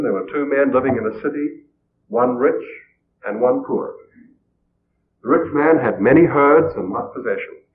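A man's voice: mid-range voice, slight background noise. Man preaching over a tinny radio. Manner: measured, earnest preaching with rhetorical questions. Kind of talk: sermon. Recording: tinny phone-like old radio broadcast.

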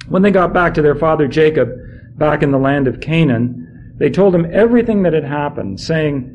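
A man's voice: on the high side, lively intonation, normal speed, a little mellow, slight background noise, rough recording. A man with a congested throat reading a Bible passage aloud to a group of listeners. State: congested, clearing his throat. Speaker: scripture reader. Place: room with listeners present.

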